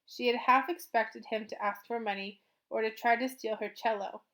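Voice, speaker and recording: A woman reads a children's novel aloud, narrating steadily and at an even pace. Her voice sits a little high for a woman. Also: normal speed. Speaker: storybook reader.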